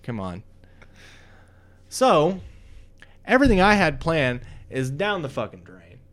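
Brief: bossy, profane wrestling booker, loud and scolding, as a game master puts him on. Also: male voice, a little high, sing-song, slow, voice pushed down, full character voice. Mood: ranting. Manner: profane, scolding, barking orders. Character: big, bossy, foul-mouthed male wrestling booker.

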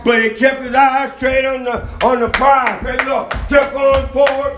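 A man preaching a sermon, building to shouts and punctuating lines with 'praise the Lord'. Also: very high-pitched, flat delivery, moderate pace, few pauses, faint music behind. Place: church. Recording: echoey room, voice from a distance.

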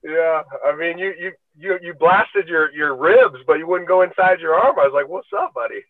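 A man's voice: fairly high pitch, moderate pace, no room sound. A man in his forties, a former football player, telling laid-back, rambling stories with many fillers, joining over a call from a bus. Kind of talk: casual storytelling. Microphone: remote call. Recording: dry, tinny call line.

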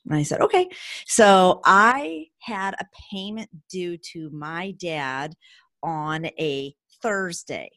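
A woman's voice: lowish voice, slow, no echo. A woman in her forties hosts a casual podcast conversation. She tells stories with energy and acts out the quotes. The recording is dry and close. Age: 40s. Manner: animated storyteller, acts out quotes with laughs. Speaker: podcast host. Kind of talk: casual storytelling in an interview.

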